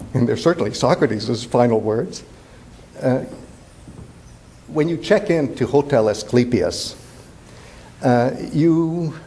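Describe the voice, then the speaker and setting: A man's voice: medium pitch, warm tone. An older man from Indiana giving a playful, digressive classics lecture at a symposium, full of fillers and restarts. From Indiana, USA. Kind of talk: symposium talk.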